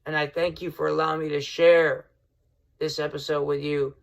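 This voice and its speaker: A man hosting his own wrestling podcast, ranting heatedly and swinging from loud outbursts to low mutters. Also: little pitch movement, moderate pace, creaky. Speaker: podcast host. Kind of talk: casual wrestling podcast rant.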